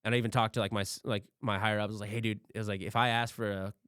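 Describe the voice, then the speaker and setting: A man's voice: lowish voice, flat delivery, very fast, fairly bright tone, smooth, dry recording, clean studio sound. A man hosting a podcast, telling a rambling story in casual chat, swearing freely and acting out what others said. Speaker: podcast host.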